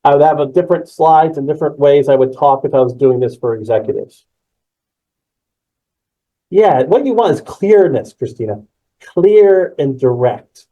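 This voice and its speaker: A man presenting a live webinar on presentation skills, energetic and emphatic, repeating key words and reacting to the chat. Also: a little high, moderate pace, highs cut off.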